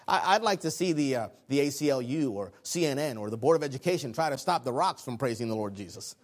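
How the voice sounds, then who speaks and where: A man preaching a sermon, swinging between loud exclamations and hushed, quiet lines. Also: medium pitch, expressive, fast, few pauses. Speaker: pastor.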